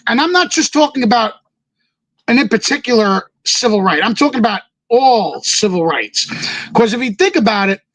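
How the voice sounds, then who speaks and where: A man's voice: extremely high pitch, fairly bright tone, dry recording, rough recording. A man in casual podcast chat, giving blunt, emphatic opinions with plenty of profanity.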